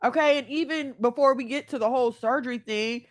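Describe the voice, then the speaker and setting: Brisk and high-pitched, a woman in her thirties hosts a podcast, giving her listeners a candid, emotional, personal talk about family and self-love.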